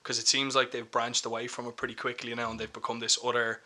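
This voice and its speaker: A man guesting on a podcast, talking in a loose, rambling way with plenty of "like" fillers. His voice sits at a middle pitch and has a very bright, forceful edge. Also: level tone, fast. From Ireland. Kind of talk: casual chat.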